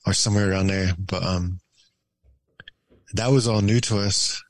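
Gravelly laid-back man telling stories. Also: sits low, moderate pace, rough recording. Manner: relaxed rambling storyteller with many fillers and laughs. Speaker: podcast guest. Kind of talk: casual storytelling chat.

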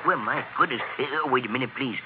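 A man's voice: medium pitch, a little fast, faint music behind, natural voice. An older man playing a kindly, busy Santa Claus who talks heartily with chuckles in a 1940s radio drama. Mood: jolly. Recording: tinny old radio recording.

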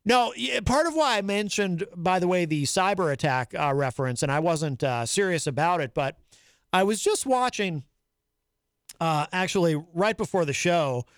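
A man's voice: high voice, lively intonation, normal speed, clear, resonant tone, dry recording, clean studio sound. A man hosting a live talk show, chatting casually and reading viewer comments aloud. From New England, US. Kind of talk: casual live-stream chat.

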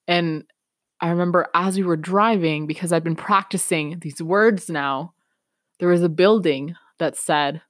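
Woman podcast host, low voice, earnest storytelling, dry close sound. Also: moderate pace, no room sound. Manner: earnest, reflective, laughs now and then. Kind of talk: personal storytelling monologue.

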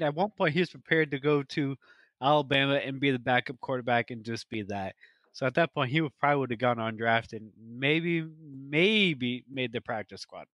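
A man co-hosting a casual fantasy football podcast, talking excitedly and rambling through player stats with lots of restarts. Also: medium pitch, no room sound. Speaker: podcast co-host. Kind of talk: casual chat.

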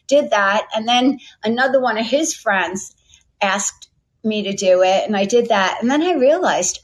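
A woman's voice: a little high, a little slow. Chatty middle-aged woman telling a story. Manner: chatty, lively storyteller acting out quoted voices. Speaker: guest, company founder. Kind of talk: storytelling interview answer.

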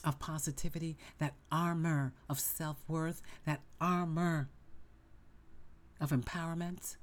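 Emphatic low-voiced woman motivational host. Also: fairly even intonation, slow pace. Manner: emphatic, repetitive, drops to whispers for emphasis. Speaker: podcast host. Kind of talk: motivational self-help talk.

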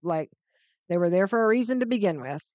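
A woman's voice: on the low side, lively intonation, brisk, a little mellow, no echo, muffled recording. A woman co-hosting a podcast, chatting casually about reality TV, agreeable and frank in her opinions. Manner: agreeable, frank, many "mm-hmm"s. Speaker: podcast co-host. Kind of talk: casual chat recapping reality TV.

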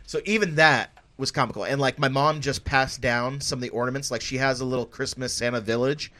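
A man with a mid-pitched voice tells a rambling story in a casual podcast chat. He is relaxed and swears offhandedly. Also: a little fast, few pauses, a little hiss or hum. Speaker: podcast co-host.

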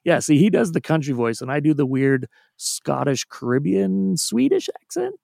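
A man, a podcast guest in casual chat, talkative and quick to laugh. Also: fairly high pitch, sing-song, gravelly, dry recording, studio quality. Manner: warm, chatty, laughs often.

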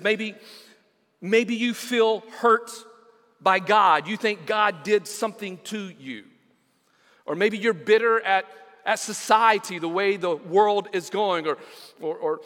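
A man's voice: high-pitched, fairly bright tone, big-room sound. A middle-aged man, preaching a sermon as pastor, telling stories and repeating words for emphasis.

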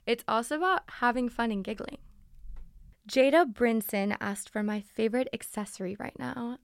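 Bubbly young woman with vocal fry. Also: medium pitch, no room sound, studio quality. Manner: chatty, bubbly, answers listener questions. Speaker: podcast host. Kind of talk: casual solo podcast chat. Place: recording studio. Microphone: studio microphone.

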